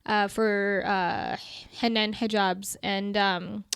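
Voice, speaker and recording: A woman's voice: medium pitch, level tone, slow pace, vocal fry, clear, resonant tone, no echo, clean studio sound. A woman guest on a podcast, chatting casually about her work, with lots of "like" and "you know" as she talks. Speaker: guest content creator.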